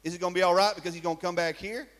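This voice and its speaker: A male preacher, speaking in a voice pitched high for a man. He preaches emphatically in church and keeps asking his congregation questions. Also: fairly even intonation, racing, a bit bright. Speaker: pastor. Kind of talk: sermon.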